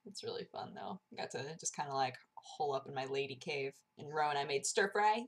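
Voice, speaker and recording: A bubbly young woman chats to her viewers in a gushing, rambling way, peppering everything with "like". Her voice sits a little low for a woman. A sore throat and a cough keep creeping into it. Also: expressive, fairly quick, hardly any pauses. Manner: bubbly, gushing, heavy use of "like". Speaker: vlogger. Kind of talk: casual vlog chat.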